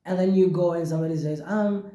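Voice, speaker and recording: A man hosting a casual podcast monologue, talking in an animated, expressive way and exclaiming often. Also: high voice, quick pace, reverberant. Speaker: podcast host.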